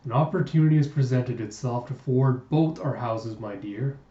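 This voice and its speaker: A man voicing a sinister old male doctor, calm and cruel, who draws out his words and drops the ends of sentences low and soft. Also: lightly acted. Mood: menacing. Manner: slow, drawn-out menace, name-endings dropped low and soft. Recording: roomy, distant, dull lo-fi sound.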